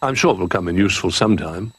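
A man doing a calm, wise old toy bear. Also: deep voice, racing, slightly rough, no room sound, exaggerated voice. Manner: calm and reassuring.

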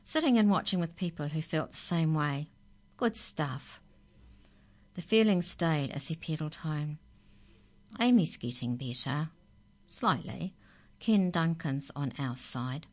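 A woman calmly reading a children's story aloud. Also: sits low, measured pace, long pauses.

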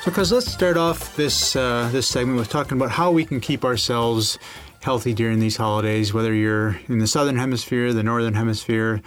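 A man's voice: medium pitch, fairly even intonation, fairly bright tone, soft background music. A man hosting a radio show, chatting casually and enthusiastically. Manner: upbeat, enthusiastic, fast-talking.

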